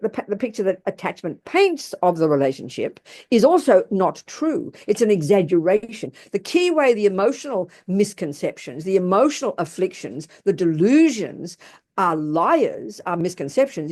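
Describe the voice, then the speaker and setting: A woman's voice: medium pitch, very animated, moderate pace, darkish tone. A woman giving a Buddhist teaching to an audience, blunt, emphatic and colloquial. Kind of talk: Dharma talk to an audience.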